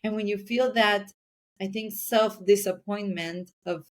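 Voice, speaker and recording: A woman's voice: medium pitch, fairly even intonation, measured pace. A woman talking earnestly in a casual podcast chat as a guest giving parenting advice, sometimes acting out little scenes. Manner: earnest, acts out little scenes in other voices.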